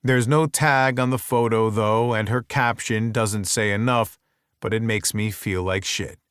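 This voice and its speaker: A man with a fairly low voice reads a first-person romance audiobook, close to a studio mic in a dry, dead room. His delivery is wry and intimate, like private inner monologue. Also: steady tone, measured pace, a bit bright, clear, resonant tone, no room sound. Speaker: audiobook narrator.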